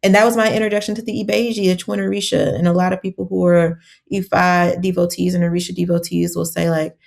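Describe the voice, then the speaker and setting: A woman's voice: on the low side, flat delivery, fast talker, creaky, darkish tone. A woman herbalist, a guest on a podcast, telling stories in casual conversation and acting out her own quotes.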